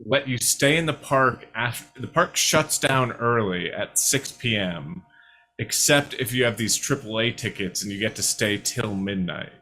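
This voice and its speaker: A man's voice: fairly low pitch, lively intonation, a little slow, pushed and bright. A man co-hosting a podcast, telling a long, rambling story full of fillers in casual chat. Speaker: podcast co-host.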